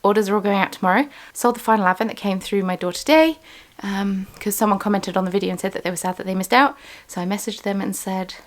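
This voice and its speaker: A woman's voice: medium pitch, quick pace, hardly any pauses. A woman running a small craft business, talking in a chatty, rambling way with lots of ums in a casual vlog. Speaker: small business owner and vlogger.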